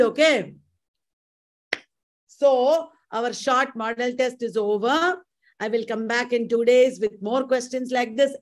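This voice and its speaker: A woman's voice: on the high side, darkish tone. A woman with an Indian accent teaching a live-streamed exam coaching lecture, quizzing her students and drilling terms aloud, with Hindi words mixed in. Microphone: live stream mic.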